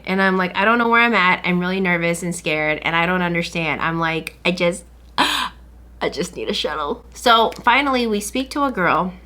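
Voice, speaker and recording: Bright-voiced woman telling a story. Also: lowish voice. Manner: animated retelling, acting out other people's lines. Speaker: podcast host. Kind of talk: casual storytelling chat.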